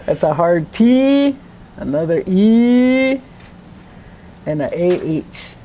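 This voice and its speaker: A woman language teacher giving a classroom lesson, speaking slowly and deliberately and repeating words syllable by syllable. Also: medium pitch, expressive, darkish tone, a little hiss or hum.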